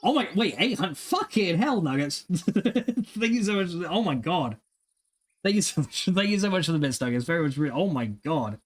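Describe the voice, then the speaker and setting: A man streaming a game live, reading and thanking his chat in an excitable, giggly way with plenty of swearing. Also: high-pitched, normal speed, husky, faint music behind.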